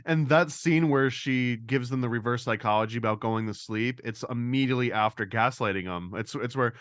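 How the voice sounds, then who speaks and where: An animated man co-hosting a casual discussion podcast. He talks quickly and acts out quotes with a pitch jump. His voice is recorded dry and close, with no room sound. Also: smooth, no echo. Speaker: podcast co-host.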